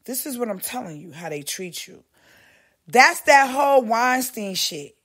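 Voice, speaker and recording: A woman's voice: on the high side, a little slow, breathy edge. A woman hosting a podcast, ranting in a rambling, profane monologue and mimicking other people in a raised voice. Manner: heavy cursing, animated, mimics others in raised voice. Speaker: podcast host.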